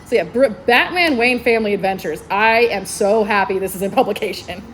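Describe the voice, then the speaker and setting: This woman's fairly bright, mid-range voice moves fairly quickly as she pitches book picks to a convention audience. She's an excited librarian who laughs a lot, and a little background noise can be heard.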